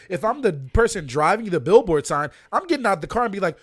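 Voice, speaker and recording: Animated, swearing man, fairly high voice. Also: a little fast, hardly any pauses, dry recording, studio quality. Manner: animated, swears a lot, acts out rants. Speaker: podcast co-host. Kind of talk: casual movie chat.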